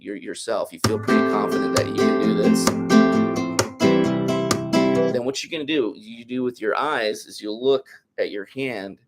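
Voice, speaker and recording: Guitar teacher, male, lowish voice, casual rambling explainer who counts beats out loud, with loud guitar playing behind him. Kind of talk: masterclass demonstration.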